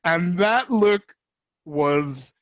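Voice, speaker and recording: A man's voice: high-pitched, animated, drawn-out words, dry recording. A man hosting a podcast, telling a childhood story in casual chat, cursing and laughing, slipping in Spanish phrases. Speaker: podcast host. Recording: dry, dull lo-fi audio.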